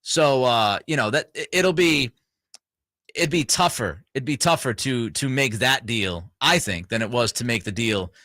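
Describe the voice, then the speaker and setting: Bright-voiced rambling sports radio man. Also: mid-range voice, lively intonation, measured pace, dry recording, clean studio sound. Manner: rambling, filler-heavy, restarts. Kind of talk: casual sports talk.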